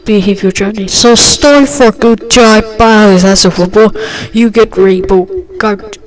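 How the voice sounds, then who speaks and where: A woman improvising a rambling cartoon classroom voice-over, halting and breaking into sudden loud outbursts. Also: medium pitch, steady tone, rough recording.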